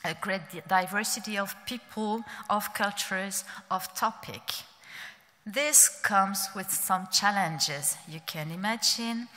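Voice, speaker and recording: French woman opening a conference, bright voice, lots of uhs and restarts, big echoey hall. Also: mid-range voice. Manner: halting, many fillers and restarts. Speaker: department director. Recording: long hall reverb.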